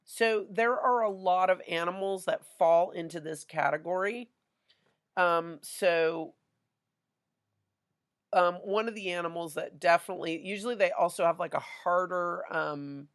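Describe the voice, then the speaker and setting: A woman's voice: lowish voice, a little slow. A middle-aged woman teacher, chatting through a classroom lesson with stories and many fillers. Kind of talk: casual classroom lesson with anecdotes.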